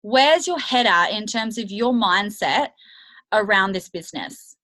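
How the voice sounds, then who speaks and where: A woman's voice: medium pitch, animated, measured pace, a bit bright, rough recording. A woman coaching her team on a video call, talking candidly and chattily with many fillers. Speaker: network marketing coach. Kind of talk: motivational team training call.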